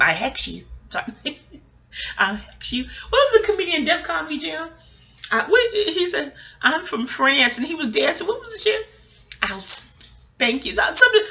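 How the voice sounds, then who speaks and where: A woman's voice: a little high, bright, forceful tone. A middle-aged woman giving a rambling, profane TV recap, talking straight to her viewers and laughing often. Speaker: vlogger.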